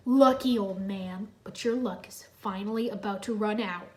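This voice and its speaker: A woman's voice: mid-range voice, a little mellow, recorded from a distance, natural voice. A woman doing a sneering villain man. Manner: mocking, drawn-out sneer. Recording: roomy echo.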